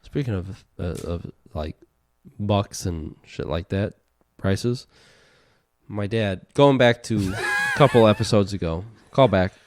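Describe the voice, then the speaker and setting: A young man co-hosting a casual podcast, jumping between topics and telling stories deadpan, with frequent laughs. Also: fairly low pitch, slow pace, dry recording, studio quality. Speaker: podcast co-host. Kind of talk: casual chat.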